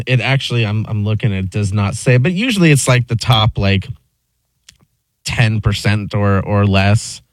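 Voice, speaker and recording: A man's voice: lowish voice, animated, a little slow, no echo. A man on a casual chat show, explaining things in a matter-of-fact way.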